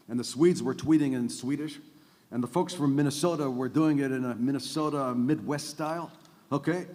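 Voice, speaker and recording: A man's voice: mid-range voice, a little mellow. Emphatic male panelist in a reverberant hall. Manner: emphatic, tags points with "okay?" and "by the way". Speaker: conference panelist. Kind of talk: panel discussion talk. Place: large conference hall.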